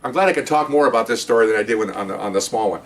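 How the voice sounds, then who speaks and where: An older man, a retired police officer, telling a rambling story in casual talk, acting out the shouted commands. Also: on the low side, rapid-fire, distant mic.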